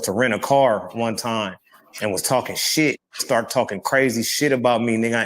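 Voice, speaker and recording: A man guest in an interview, rambling through a story in loose street slang. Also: medium pitch. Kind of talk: casual storytelling.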